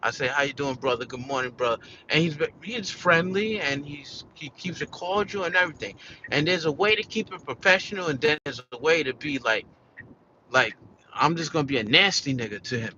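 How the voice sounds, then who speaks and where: A man's voice: fairly high pitch, animated, a little fast, bright, forceful tone, highs cut off, a little hiss or hum. An American man venting casually in a candid, profane, rambling monologue, full of restarts. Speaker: vlogger.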